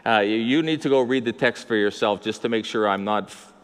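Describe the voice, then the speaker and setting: An older pastor preaches a sermon in a conversational way, full of asides and rhetorical questions. He speaks fairly quickly in a lowish, clean voice, and the recording carries a long hall reverb.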